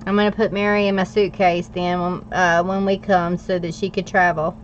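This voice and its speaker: A woman's voice: lowish voice, flat delivery, normal speed, dull audio, a little hiss or hum. Chatty American woman, laughing often. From United States. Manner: chatty, laughs often, talks while working. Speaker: planner livestream host. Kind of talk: casual chat with live viewers.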